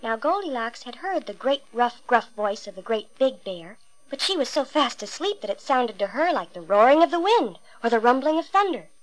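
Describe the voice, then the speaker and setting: A woman reading a fairy tale aloud with expressive, emphatic storytelling. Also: a little high, poor audio.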